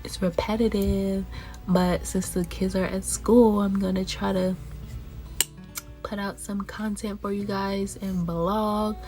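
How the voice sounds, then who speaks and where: A woman's voice: medium pitch, little pitch movement, slow, mellow, soft background music. A young woman vlogging about her day at home, sounding stuffy and congested, rambling casually with lots of fillers. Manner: rambling, repetitive, many fillers. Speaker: vlogger mom. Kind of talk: casual chit-chat vlog.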